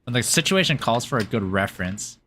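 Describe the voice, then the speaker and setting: A man streaming a game, chatting casually and rambling, often giggling and filling pauses with um and uh. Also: medium pitch, lively intonation, a bit bright, a little hiss or hum. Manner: rambling and giggly, with many fillers. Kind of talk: casual chat while playing a game.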